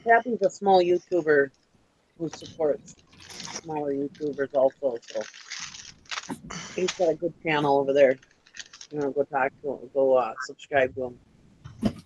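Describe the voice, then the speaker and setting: A man with a light Minnesotan accent and a fairly high voice chats casually on a live show. He repeats words for emphasis and laughs often. A faint hiss runs under him. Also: normal speed, pauses often, darkish tone, muffled recording. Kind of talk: casual chat.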